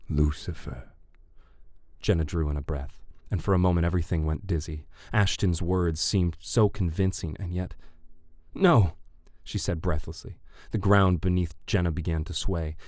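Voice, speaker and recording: A man narrating a dark fantasy audiobook in a measured, deliberate way. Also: sits low, dry recording, clean studio sound.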